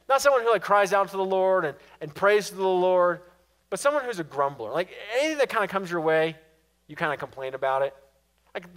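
A man preaching a sermon, swinging from loud, pressing questions to hushed, quiet endings. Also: a little high. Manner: dynamic preaching, rising to loud questions and dropping to hushed asides. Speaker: pastor.

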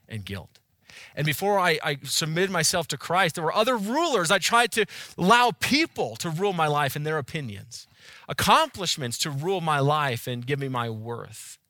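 A man in his thirties preaching a sermon, earnest and emphatic, building to loud peaks. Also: mid-range voice, dry recording. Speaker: pastor.

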